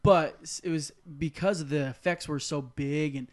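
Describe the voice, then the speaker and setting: A man's voice: fairly high pitch, fairly even intonation, moderate pace, a little mellow. A young man co-hosting a casual live chat, talking enthusiastically with lots of fillers. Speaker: podcast co-host.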